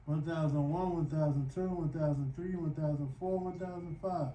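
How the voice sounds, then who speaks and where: A man's voice: a little high, fairly even intonation, normal speed, dark tone, reverberant, distant mic, slight background noise, rough recording. A man narrating his knee rehab workout in a casual vlog, counting reps aloud while straining with effort on the floor. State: exerting himself. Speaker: vlogger doing knee rehab exercises. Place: home room, lying on the floor.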